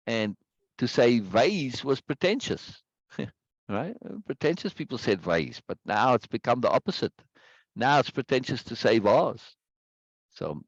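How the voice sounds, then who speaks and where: A man's voice: mid-range voice, dry recording, lo-fi sound. A man teaching a class over a video call, explaining patiently, drawing out words to stress syllables and often checking in with "right?". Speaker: teacher leading a book discussion. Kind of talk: online class discussion.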